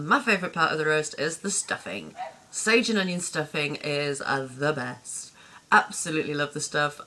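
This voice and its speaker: A woman's voice: low voice, pushed and bright. A woman chatting upbeat to camera, answering tag questions and laughing easily. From Lincolnshire, England. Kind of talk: casual chat to camera.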